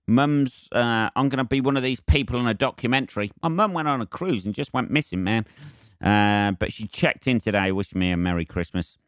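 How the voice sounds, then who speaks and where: A man's voice: mid-range voice, brisk, smooth, no room sound, studio quality. A young man hosting a rambling solo podcast, chatty, sweary and self-mocking. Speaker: podcast host.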